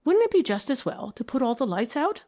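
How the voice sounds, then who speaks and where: A woman voicing an excitable gentleman investigator who speaks with raised, emphatic energy in an audiobook. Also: extremely high pitch, fairly quick, pitched above the performer's own voice. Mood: triumphant. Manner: excited, rising, emphatic; whispers when wary. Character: eager young gentleman sleuth, excitable.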